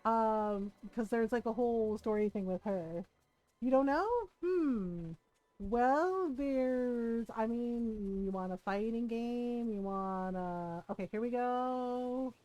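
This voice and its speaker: A woman's voice: fairly high pitch, slow pace, darkish tone, lo-fi sound. A woman streaming a video game, chatting casually with viewers, rambling with ums and frequent laughs. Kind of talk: casual live-stream chat.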